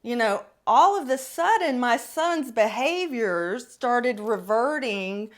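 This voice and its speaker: A middle-aged woman hosting a podcast, telling a personal story in a blunt, profane, animated way. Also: a little high, slow. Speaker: podcast host. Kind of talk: casual storytelling monologue.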